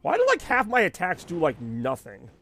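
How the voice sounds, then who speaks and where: Animated gravelly-voiced gaming streamer man. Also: on the high side, normal speed, faint music behind. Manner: rambling, venting, animated with frequent asides. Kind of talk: casual chat over live gameplay.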